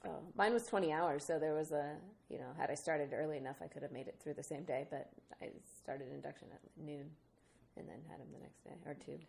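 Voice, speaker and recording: A woman's voice: low-pitched, steady tone, fairly quick, gravelly, darkish tone, a little hiss or hum. A woman in her thirties co-hosting a podcast, talking candidly and laughing often as she retells what people said. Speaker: podcast co-host. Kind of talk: casual chat.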